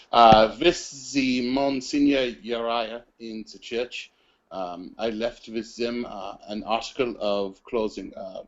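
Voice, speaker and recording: A man's voice: lowish voice, highs cut off. A man playing a blunt, hulking vampire brute. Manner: blunt, curt, deliberate. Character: stooped, hugely muscled male vampire, blunt.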